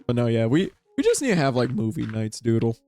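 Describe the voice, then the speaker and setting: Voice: mid-range voice, sing-song, fast talker, dark tone, faint music behind. A streamer chatting casually while playing a game with friends, rambling and self-mocking. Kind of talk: casual gaming chat with friends.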